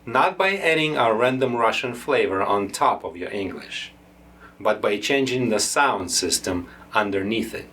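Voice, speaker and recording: Guy dialect coach explaining sounds, slow and deliberate, voice swings up and down a lot. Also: lowish voice, expressive, pushed and bright, slight background noise. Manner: deliberate, teacherly. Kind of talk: instructional explanation.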